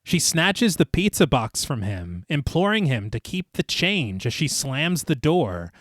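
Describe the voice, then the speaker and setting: Recorded with studio quality and no room sound, this podcast co-host speaks a little high and a little slowly. On his horror podcast, he walks through a film's plot scene by scene, narrating at length with lively energy.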